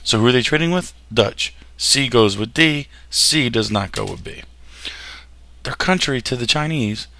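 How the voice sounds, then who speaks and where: A man's voice: mid-range voice, fairly bright tone. A man teaching a history lesson over slides, casual and jokey, often tripping over words and restarting them. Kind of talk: classroom lecture over slides.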